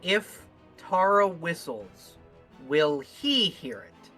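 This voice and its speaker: A bright, clear-toned woman playing a tabletop game, lively and ready to curse. She jumps between table talk and her character, with faint music in the background. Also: fairly low pitch, very slow, rough recording. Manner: animated, swears freely, bursts into in-character outbursts. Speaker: player. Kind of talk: tabletop role-play.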